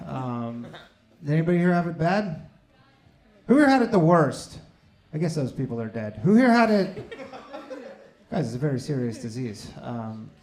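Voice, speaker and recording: A man's voice: mid-range voice, a little mellow. A man doing a stand-up comedy set with dry, sarcastic crowd work and plenty of swearing. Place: comedy club stage.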